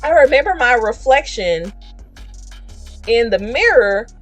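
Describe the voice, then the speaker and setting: A woman streamer casually telling a dream story, animated and laughing as she acts out the people in it. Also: on the high side, measured pace, soft background music.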